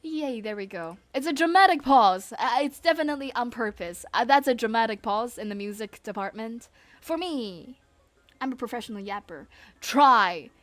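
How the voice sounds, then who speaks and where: A woman's voice: a little high, expressive, normal speed, fairly bright tone, dry recording. A woman streamer chatting casually with her audience, giggly and rambling, speaking English as a second language. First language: not English. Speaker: vtuber streamer. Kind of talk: casual livestream chat.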